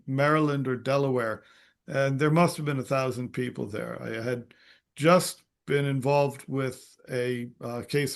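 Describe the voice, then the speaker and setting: A man telling a story as a podcast guest, halting and restarting, acting out the quotes. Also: mid-range voice. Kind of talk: storytelling in conversation.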